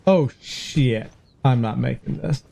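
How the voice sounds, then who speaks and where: A man streaming a game and chatting with friends, excitable, yelping and pleading when his character is in danger. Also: mid-range voice, slow pace, creaky. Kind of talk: casual let's play chat.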